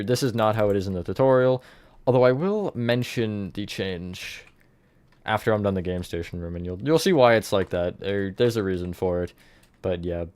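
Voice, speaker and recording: A man with a lowish voice chats loosely through a live stream. He rambles and thinks aloud as he builds, stopping now and then to greet viewers. The sound is close and dry, with keyboard typing behind him. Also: a little mellow, smooth, no echo. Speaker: livestreamer building in a game. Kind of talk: casual live-stream chat.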